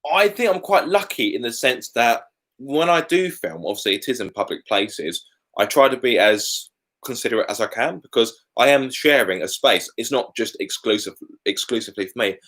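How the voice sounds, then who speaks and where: A man's voice: mid-range voice, animated, moderate pace, a bit bright. A British man hosting a casual live Q&A from home, chatty and candid with colourful asides. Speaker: car YouTuber hosting a live Q&A.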